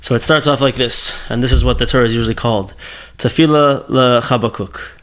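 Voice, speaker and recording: A man's voice: mid-range voice, steady tone, fairly quick, fairly bright tone. Man, Torah teacher, mid-range voice, casual conversational lesson delivery. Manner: conversational, thinking aloud with fillers and self-corrections.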